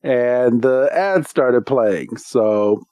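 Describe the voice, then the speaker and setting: A man's voice: mid-range voice, drawn-out words, warm tone, no echo. A man co-hosting a podcast, recapping a cartoon episode in a rambling way, with many ums, on a close mic. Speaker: podcast co-host.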